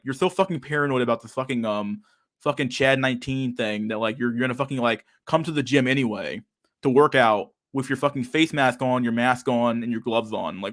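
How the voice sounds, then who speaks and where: A man's voice: mid-range voice, a bit bright. Guy ranting on his podcast, swears nonstop, says dude a lot, laughs a lot. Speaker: podcast host. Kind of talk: casual ranting chat.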